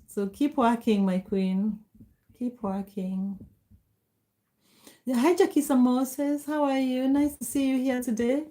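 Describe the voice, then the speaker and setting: Middle-aged lady chatting on her live, greets everyone by name, warm and giggly, a bit high. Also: takes it slowly, pauses often. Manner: warm, greets viewers by name, laughs often. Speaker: livestream host. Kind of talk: casual livestream chat reading comments.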